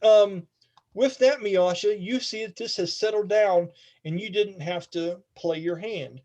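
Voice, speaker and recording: A man's voice: high-pitched, unhurried, darkish tone. A man narrating a tabletop game as game master, casual and rambling, often laughing.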